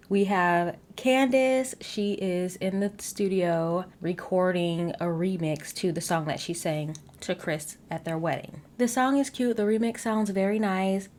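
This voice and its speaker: A woman casually recapping a reality show episode, sassy and animated, with asides straight to her viewers. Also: mid-range voice, unhurried. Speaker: recap vlogger.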